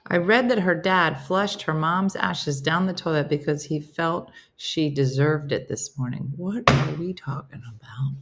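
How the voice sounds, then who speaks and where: A woman with a low, dusky voice hosts a relaxed morning livestream. She reads out viewer comments and chats about them, often poking fun at herself. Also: measured pace, hardly any pauses. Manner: chatty and self-mocking, breaks into laughter. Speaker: host of a morning livestream chat show. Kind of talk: casual live chat, reading viewer comments aloud.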